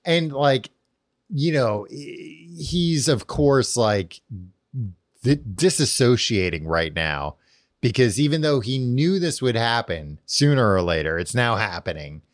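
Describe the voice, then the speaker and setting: A man co-hosting a podcast, walking through a book's plot in loose, rambling casual chat. He leans on fillers and restarts and laughs often. His voice sits at an ordinary middle pitch, and the recording is dry and close. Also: sing-song, slow, no echo. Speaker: podcast co-host. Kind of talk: casual chat recapping a book.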